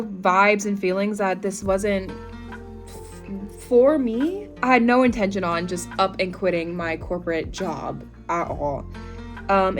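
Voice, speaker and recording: A young woman in her twenties speaks at home in a loose, chatty story-time manner, talking straight to her viewers. Her voice sits at a mid pitch, easy and unhurried, with soft music faint underneath. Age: 20s. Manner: chatty, addresses viewers as y'all. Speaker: vlogger.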